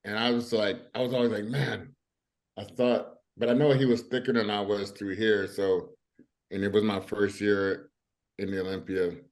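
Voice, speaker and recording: A male co-host chatting candidly and excitably. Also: fairly low pitch, normal speed. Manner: candid, excitable, laughs easily. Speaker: podcast co-host, former bodybuilder. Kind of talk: casual interview chat.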